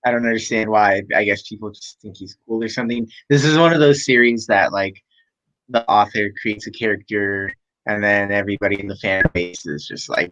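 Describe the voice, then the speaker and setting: A man's voice: lowish voice, steady tone, brisk, fairly bright tone, no room sound. A man leading a casual discussion stream in an easygoing way, asking his co-host the questions. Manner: easygoing, moderating, asks the questions. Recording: dull lo-fi sound over an unstable online call.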